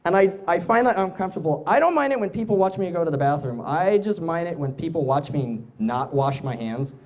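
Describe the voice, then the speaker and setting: A young male comedian spins a loose, self-mocking story on stage, stopping and restarting his sentences as he goes. His voice sits a little higher than most men's. A faint hiss runs under the live audience. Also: animated, brisk, a little mellow. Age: young adult. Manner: rambling, self-mocking anecdotes with frequent restarts. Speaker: stand-up comedian. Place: stage before a laughing audience.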